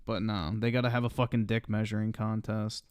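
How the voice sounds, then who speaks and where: A man's voice: on the low side, little pitch movement, a little fast, darkish tone, clear, resonant tone, no echo, studio quality. A man streaming and reacting to videos in casual chat, blunt and profane, full of slang.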